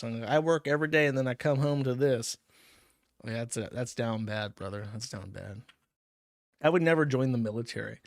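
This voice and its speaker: Male livestream host, mid-pitched, rambling and profane, close dry mic. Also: dry recording. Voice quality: rambling, profane, laughs often. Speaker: livestream host reading paid chat messages. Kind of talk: casual livestream chat.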